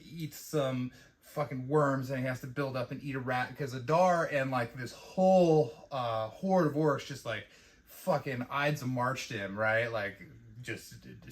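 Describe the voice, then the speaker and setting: Rambling through a casual review of a fantasy TV episode, this man curses freely, leans on fillers and mocks characters with quoted impressions. His voice is mid-range and a bit bright.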